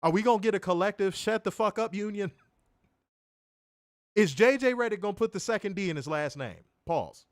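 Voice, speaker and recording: A man's voice: high voice, normal speed, no echo. Podcast guy ranting and roasting, voice jumping all over, dry close mic. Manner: animated, profane, teasing ranting. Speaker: co-host of a wrestling review show. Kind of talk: casual podcast chat.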